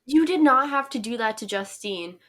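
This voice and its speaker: A woman's voice: fairly high pitch, expressive, moderate pace, a bit bright. A young woman co-hosting a podcast, chatting casually and wryly, laughing at her own jokes. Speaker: podcast co-host. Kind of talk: casual chat recapping a reality show.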